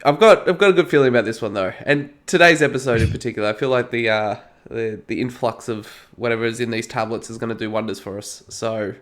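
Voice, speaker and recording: A man in his thirties with an Australian accent, hosting a casual podcast, lively and quick to laugh while groggy from hay fever tablets. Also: mid-range voice. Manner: lively, laughing, self-mocking. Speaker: podcast host. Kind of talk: casual chat.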